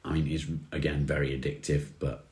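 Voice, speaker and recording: A man with a very deep, low voice chats casually on a livestream, reading comments and answering them in a relaxed, friendly way. The room around him sounds echoey. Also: brisk. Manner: relaxed, chatty, says mate often. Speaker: livestream host.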